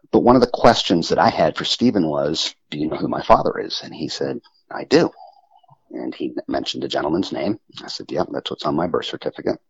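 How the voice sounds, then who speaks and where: Deep, raspy male guest, halting storyteller, dry close muffled recording. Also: dry recording. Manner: halting, with frequent restarts and pauses. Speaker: interview guest telling his story. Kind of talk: personal storytelling. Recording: muffled lo-fi audio.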